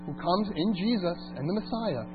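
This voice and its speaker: A man's voice: high-pitched, animated. Preacher man on a tinny recording. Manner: rises to emphatic, drawn-out peaks when reading scripture. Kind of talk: sermon. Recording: tinny phone-like recording with mains hum.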